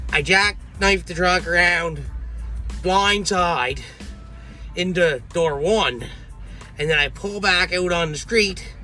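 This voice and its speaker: A man's voice: a little high, sharp tone. A man who drives a truck, telling road stories in a casual, profane, boisterous vlog from his truck. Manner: profane, boisterous, laughing storyteller.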